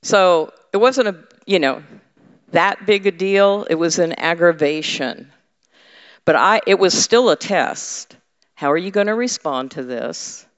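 A lowish-voiced woman, speaking at a measured pace, preaches a candid, humorous, conversational sermon and teases her congregation. She leads a women's ministry. The recording comes from an echoey hall and sounds slightly dull.

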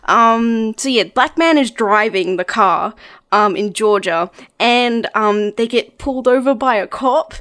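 A young woman co-hosting a casual podcast chat, animated and full of laughs and fillers as she recaps. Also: fairly high pitch, unhurried. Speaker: podcast co-host.

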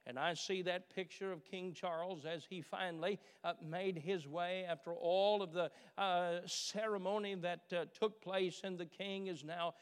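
A man preaches a sermon, his voice high and smooth. He talks in animated bursts, full of uh and repeated starts, and asks the congregation questions. A long church-hall reverb trails behind every word. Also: unhurried, few pauses. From Kentucky, USA. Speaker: pastor. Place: church sanctuary.

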